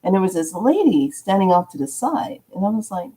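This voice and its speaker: A woman vlogger telling a spiritual story in a casual, animated way, acting out the dialogue as she goes. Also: mid-range voice, fairly quick, few pauses.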